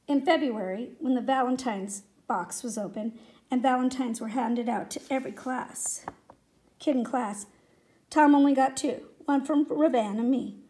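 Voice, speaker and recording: Woman, high voice, reading a children's story aloud, expressive storytelling. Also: normal speed, slight background noise. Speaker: reader.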